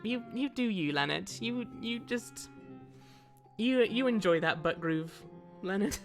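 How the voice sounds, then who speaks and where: A woman's voice: mid-range voice, lively intonation, unhurried, faint music behind. A woman streaming a game, chatting playfully with viewers and giggling between lines. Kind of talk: casual game-stream chat.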